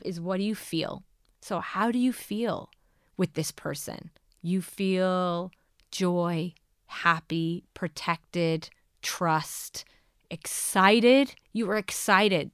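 A woman's voice: medium pitch, a bit bright, smooth, dry recording, studio quality. A woman hosting a podcast, giving earnest coaching on manifesting love and asking listeners many questions. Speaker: podcast host.

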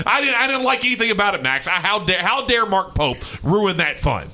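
A young man from Kentucky co-hosting a sports talk radio show, ranting and excitable, quick to shout. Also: sits high.

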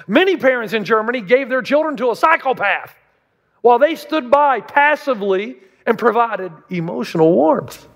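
A man's voice: extremely high pitch, animated, normal speed, a bit bright. A man preaching a sermon as a pastor, emphatic and full of rhetorical questions. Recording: long reverb of a large hall.

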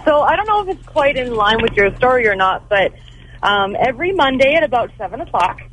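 Woman caller, lively storyteller, acts out both voices, faint noise behind. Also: on the high side, a little fast, poor audio. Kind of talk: phone-in storytelling.

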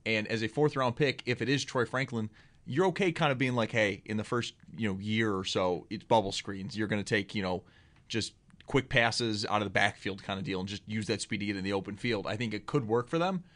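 A man's voice: on the low side, a bit bright. A man co-hosting a football draft show, talking casually and with strong opinions, often restarting his sentences. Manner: quick, opinionated, restarts a lot. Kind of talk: casual sports talk.

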